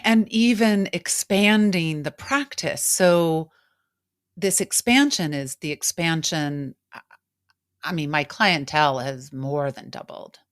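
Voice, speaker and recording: Low-voiced woman coach, candid and reflective. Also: slow pace. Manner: candid, emotional, animated quotes. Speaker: coach and podcast host. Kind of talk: reflective casual conversation.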